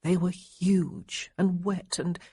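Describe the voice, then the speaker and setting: A woman narrating a historical romance audiobook in an expressive way, lightly voicing the characters. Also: on the low side, slow pace, slightly rough, no room sound, clean studio sound. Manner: expressive, voices the boys lightly. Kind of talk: scripted narration.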